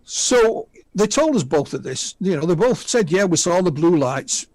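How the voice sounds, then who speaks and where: This guest UFO researcher is a Northern English man in his sixties whose high, slightly mellow voice moves with lively intonation at a normal speed, free of echo. In a relaxed radio interview, he chats through witness accounts, adding side remarks along the way.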